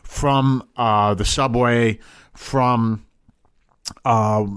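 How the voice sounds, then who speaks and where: A man's voice: mid-range voice, fairly even intonation, very slow, a bit bright, clear, resonant tone, no echo, clean studio sound. Rambling male podcast host telling stories. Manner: rambling, with restarts and chuckles. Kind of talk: casual storytelling.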